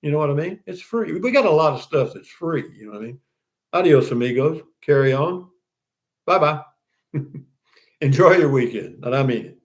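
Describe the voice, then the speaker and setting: A man's voice: on the high side, expressive, normal speed, pauses often. An older man with a Texan accent, hosting a casual live stream, reading viewer comments and chatting in a folksy, rambling way. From Texas. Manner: folksy, rambling, with frequent restarts and "you know what I mean".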